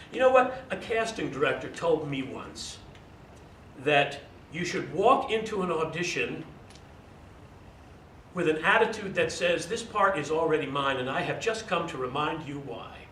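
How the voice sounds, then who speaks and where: A man who directs theater, giving an encouraging but demanding welcome address to young performers. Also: sharp tone. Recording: roomy, distant mic, faint rumble.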